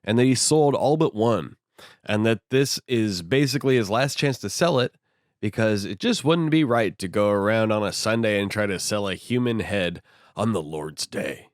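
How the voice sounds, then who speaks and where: A man's voice: fairly low pitch, expressive, normal speed, dry recording, studio quality. A man casually retelling a novel in an irreverent, sardonic way, swearing freely. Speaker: host, book reviewer. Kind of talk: casual profane book retelling.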